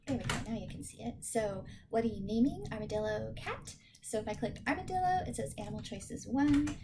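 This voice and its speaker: Woman tutor with a gravelly edge, talking through code in a casual, joking way, noisy recording with typing behind. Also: fairly high pitch, animated, brisk. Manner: chatty, self-deprecating, thinking aloud. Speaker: programming teacher. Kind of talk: screen-recorded coding tutorial.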